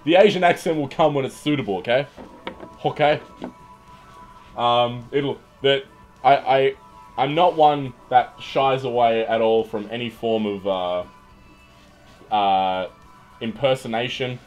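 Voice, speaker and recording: A man's voice: mid-range voice, takes it slowly, pauses often, darkish tone, faint music behind. A young man hosting a casual livestream and reading out chat, jokey and irreverent, swearing freely and often repeating words as he talks. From Australia.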